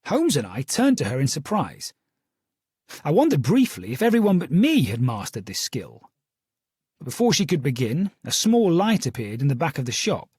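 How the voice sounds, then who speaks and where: A man reads a first-person story in a steady storytelling manner. His voice is husky and fairly high, with a lively rise and fall, and the recording is close and dry. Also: moderate pace, no echo. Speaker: audiobook narrator. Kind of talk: first-person audiobook narration.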